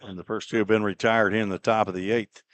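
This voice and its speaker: A man doing relaxed, chatty play-by-play commentary on a baseball game, with easygoing asides between pitches. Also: fast talker. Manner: relaxed, chatty, laughs at own slips. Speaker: play-by-play announcer.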